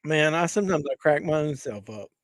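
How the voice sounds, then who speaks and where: Male stream host, raunchy banter, laughs at his own gags, a bit high-pitched, dry room. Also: animated, fairly quick, dry recording. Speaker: livestream host. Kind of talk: crude joking chat with live viewers.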